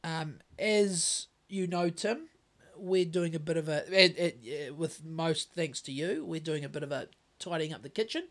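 A man's voice: fairly high pitch, moderate pace, a bit bright. Rambling, sweary New Zealand man. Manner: rambling, sweary, with many restarts. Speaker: podcast co-host. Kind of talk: casual chat.

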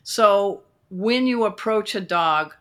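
A woman guest on a podcast, giving pet care tips in a lively, playful teaching style. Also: mid-range voice, slow. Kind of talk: podcast interview.

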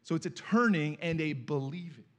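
A middle-aged man preaching as a guest speaker in a church, telling stories in a conversational, animated way. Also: fairly high pitch, normal speed. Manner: conversational, animated storytelling with acted quotes. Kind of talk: sermon with storytelling. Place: church sanctuary.

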